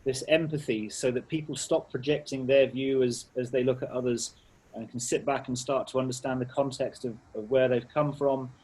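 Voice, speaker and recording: Man, interviewer, dark mellow voice, slightly husky, measured questions. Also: medium pitch, fairly even intonation, rough recording. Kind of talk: remote interview.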